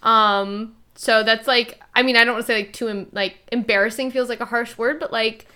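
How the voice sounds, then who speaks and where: A woman bantering in character during a tabletop game, playful and rambling. Her voice is a bit high and very bright, and her speech keeps winding through filler words. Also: steady tone, normal speed, clean tone. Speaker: player.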